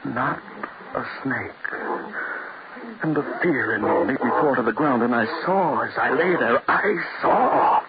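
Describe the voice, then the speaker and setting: A man's voice: a little high, very noisy. Haunted, frantic man in a 1940s radio thriller, muffled old recording. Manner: frantic, anguished and breathless. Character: frightened man obsessed with his experiment, grieving. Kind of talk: 1940s radio drama acting.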